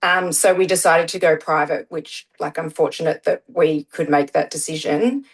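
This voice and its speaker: A woman's voice: low voice, moderate pace, rough recording. A middle-aged woman, telling her story as a guest in a casual interview, with many "um" fillers. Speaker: guest, parent.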